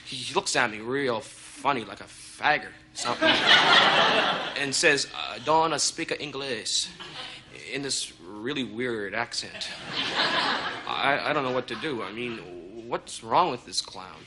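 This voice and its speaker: An actor playing a smug, deadpan, ignorant male tourist doing a stand-up monologue. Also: medium pitch, a little slow, very noisy.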